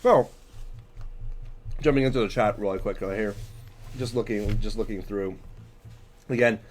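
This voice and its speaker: A man's voice: fairly low pitch, moderate pace. A man hosting a casual live stream who talks with eager enthusiasm and sometimes speaks through a mouthful of food. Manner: animated, enthusiastic, talks while chewing. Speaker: host.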